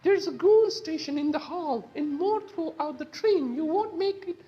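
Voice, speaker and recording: A woman's voice: very high voice, lively intonation, moderate pace, mellow, highs cut off. A woman reading a story game aloud, voicing a guilty young traitor who earnestly explains herself.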